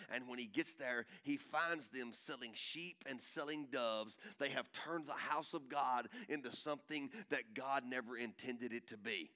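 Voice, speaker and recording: A male pastor preaching a sermon in an emphatic, folksy way, repeating phrases and building up to shouts. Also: mid-range voice, normal speed, hardly any pauses. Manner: emphatic, repetitive, swells into shouting; folksy and country in tone.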